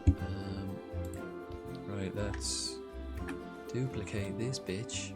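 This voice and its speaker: Irish guy streaming and building, lowish voice, swears a lot, rambles, music going clearly behind him. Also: steady tone, very slow. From Republic of Ireland. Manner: rambling, swears freely, restarts often, laughs at own jokes. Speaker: livestreamer. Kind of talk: casual live-stream chat while building in a game. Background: music playing clearly.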